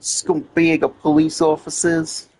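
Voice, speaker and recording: A man's voice: on the high side, completely flat delivery, a little slow, darkish tone. A man giving casual gameplay commentary, profane and sarcastic, irritated at the game characters. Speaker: gamer playing and commenting.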